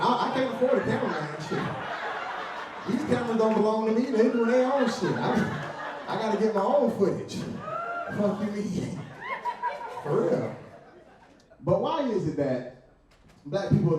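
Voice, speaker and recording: A man doing a stand-up set on a club stage, brash and profane, jumping into loud voices for his stories. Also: animated, moderate pace, pauses often, recorded from a distance, crowd noise, background noise. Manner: brash, profane, acts out voices with big pitch jumps. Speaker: stand-up comedian. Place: comedy venue stage. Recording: roomy echo, mic from afar.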